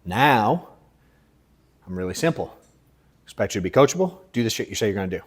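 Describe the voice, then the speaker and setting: This thirtysomething sales coach is blunt and swears freely during his live session, alternating hard-hitting emphasis with hushed side comments. He sounds husky and very animated, speaking fairly quickly.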